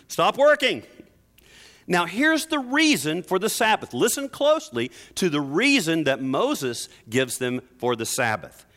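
A man preaching a sermon, moving between soft explanation and emphatic stresses. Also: on the high side, sing-song, unhurried, few pauses. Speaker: pastor.

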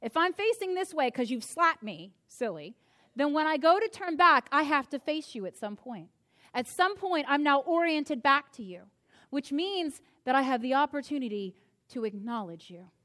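Female preacher with a high voice, lively and emphatic from the pulpit. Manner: animated, emphatic, slows down to stress key phrases. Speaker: pastor. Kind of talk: sermon.

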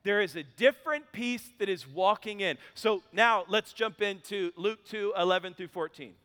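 A male pastor preaching a sermon, telling candid, self-mocking stories with quick asides. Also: high-pitched, expressive, bright, forceful tone. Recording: long hall reverb.

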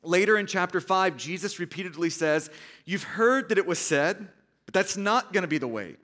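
A man's voice: high voice, expressive, moderate pace, sharp tone. A man preaching a sermon in an earnest way, often repeating phrases for emphasis. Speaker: pastor.

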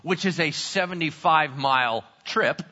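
A man's voice: fairly high pitch, a little slow, pushed and bright, muffled recording. A man preaching a sermon, telling the story with humor and acting out the characters' voices. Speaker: pastor.

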